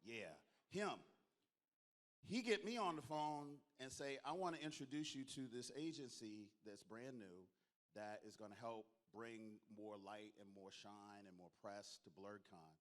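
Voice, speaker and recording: A man's voice: on the low side, unhurried. A man, giving a joking, storytelling closing speech to a crowd as a convention organizer. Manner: storytelling, joking, calls on the audience to applaud. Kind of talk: lively onstage speech to a crowd. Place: convention hall stage.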